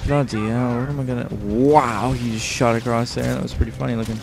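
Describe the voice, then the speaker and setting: A man's voice: mid-range voice, steady tone, a little fast, vocal fry, noisy background. A tired man giving casual, rambling commentary over a video game, joking and swearing often. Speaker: let's play host.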